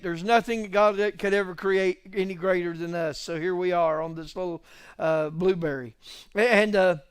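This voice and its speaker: A middle-aged male pastor preaching a live sermon, moving between hushed musing and loud exclamations and calling out to the congregation. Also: sits high, smooth, no echo, clean studio sound. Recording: live church service stream.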